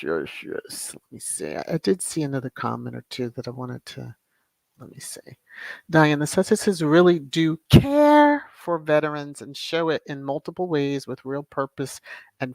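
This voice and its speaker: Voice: medium pitch, creaky, dry recording. A channel host on a casual livestream who reads viewer comments aloud, greets people by name and laughs often, with many fillers. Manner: drawn-out, unhurried delivery with frequent fillers.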